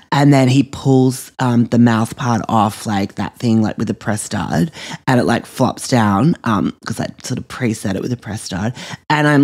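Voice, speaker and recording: A man performs a vain, self-absorbed young woman who gushes through a comic monologue. She pads every line with "like" and "um" in a middle-pitched voice, and she treats her own life as the grandest drama around. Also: a little mellow, close to an everyday voice. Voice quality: filler-heavy, constant "like" and "um". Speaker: comedy podcast character.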